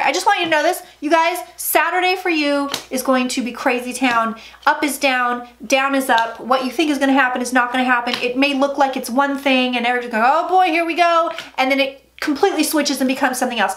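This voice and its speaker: A woman with a high, bright-toned voice chats her way through a tarot reading on her own channel. She talks emphatically, then slips into low murmured asides, with a faint hiss of noise underneath. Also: fast talker. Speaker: psychic tarot reader. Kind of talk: casual tarot reading vlog.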